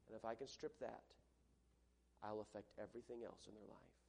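A middle-aged man preaching a sermon as pastor, emphatic, swinging from loud repeated yeses to hushed warnings. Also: on the low side, steady tone, brisk, creaky, a little hiss or hum.

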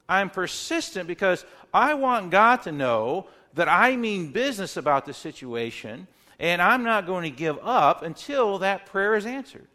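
A man delivers a morning sermon with a bright, forceful tone and a voice pitched a little high. He is earnest and stresses his points by repeating words. Now and then he slips into sample prayers. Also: expressive, normal speed. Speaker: pastor.

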